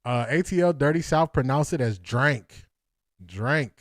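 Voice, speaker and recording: Guy from ohio chatting on a stream, keeps laughing and repeating himself, slightly high voice, dry sound. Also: moderate pace, no room sound. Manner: laughs often, repeats lines for effect. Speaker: sports talk livestream host reading chat. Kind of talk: casual livestream chat.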